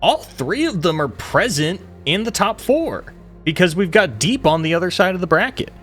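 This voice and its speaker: Casting note: male esports caster, bright voice, casual and chatty, laughs easily. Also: sits high, very animated, moderate pace, soft background music. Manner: chatty, laughs often, self-deprecating. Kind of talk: live esports commentary.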